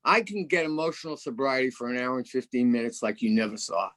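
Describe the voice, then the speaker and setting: A man's voice: mid-range voice, animated, quick pace, a bit bright. Candid self-mocking man sharing. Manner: candid, self-mocking, stammers and repeats words. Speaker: guest speaker. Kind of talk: personal share at a recovery meeting.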